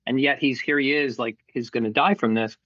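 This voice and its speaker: A man's voice: mid-range voice, a little fast, no echo, dull audio. Candid middle-aged man telling his story. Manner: candid, animated storyteller who acts out quoted voices and swears casually. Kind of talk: casual storytelling interview.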